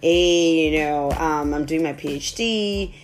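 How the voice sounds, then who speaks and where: A woman's voice: deep voice, takes it slowly, soft background music. A woman voicing a boastful young man with a British accent who shows off about his studies. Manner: showy, self-important introductions.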